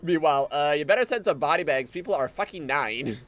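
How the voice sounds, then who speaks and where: A man's voice: fairly high pitch, expressive, brisk. A man giving casual, sarcastic commentary while he plays a game, swearing and breaking into goofy exclamations. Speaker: game streamer.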